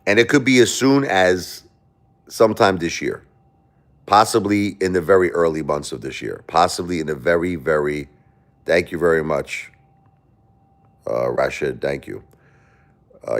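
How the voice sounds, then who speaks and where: A low-voiced man hosting a livestream and talking straight to his chat. He sounds defensive and argumentative, and he circles back over the same points again and again. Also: normal speed, long pauses. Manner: defensive, argumentative, repeats himself. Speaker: livestream host.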